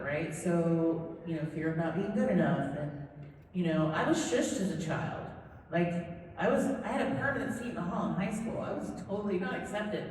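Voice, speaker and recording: A woman's voice: on the low side, slight background noise. A middle-aged woman from Southern California, a voice actor telling stories and joking with fans at a convention Q&A panel. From Southern California, USA. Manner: chatty, animated, self-deprecating joking. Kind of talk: convention Q&A storytelling. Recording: echoey hall, voice from far off.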